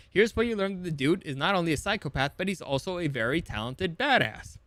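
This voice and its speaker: A man's voice: fairly high pitch, lively intonation, brisk, a bit bright, no echo. A man recapping a movie in a casual, sarcastic way, swearing often and rambling with lots of fillers. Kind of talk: casual comedic film summary.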